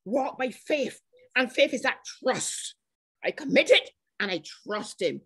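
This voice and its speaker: A woman preaching a sermon at a church service, speaking personally to members of the congregation and stretching out slow scripture quotes between bursts of emphasis. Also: on the high side, very animated, fairly bright tone, slightly rough. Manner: chatty, personal asides to named congregation members. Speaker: guest preacher.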